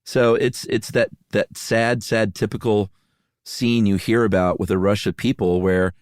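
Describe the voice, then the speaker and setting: A man co-hosting a podcast, explaining events in a steady, casual way with frequent "uh" fillers and dry asides. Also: on the low side, measured pace, dry recording. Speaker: podcast co-host. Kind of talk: casual conversational storytelling.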